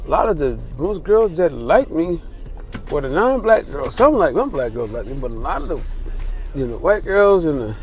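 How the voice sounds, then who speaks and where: A young American man casually telling a personal story as a travel vlogger, candid and animated, acting out the voices of people he quotes. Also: on the high side, normal speed, faint music behind. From United States.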